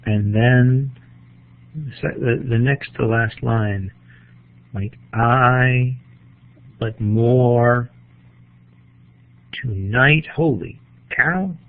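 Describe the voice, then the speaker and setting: A man's voice: mid-range voice, extremely slow, pauses often. A man teaching a poetry lesson, thinking aloud while he marks up a poem with a pen. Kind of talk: poetry lecture. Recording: tinny phone-like sound.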